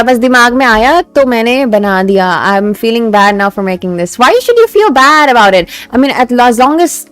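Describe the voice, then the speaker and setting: Giggly Indian woman streamer. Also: fairly high pitch. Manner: giggly, animated, switching between English and Hindi. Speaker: VTuber streamer. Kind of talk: casual live-stream chat reading memes and chat. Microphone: desk mic set back from her.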